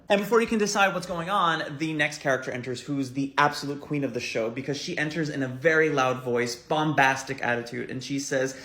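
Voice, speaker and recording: A man telling a comic story, switching quickly into voices for the people he describes. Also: fairly high pitch. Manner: animated, acts out characters with quick voice switches. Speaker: comedic storyteller. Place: New York City.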